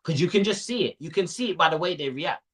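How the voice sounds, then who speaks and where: A young man talks football on a casual panel, ranting with plenty of slang. His voice rises and falls with lively energy. Its tone is bright and slightly husky. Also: a little high, fast.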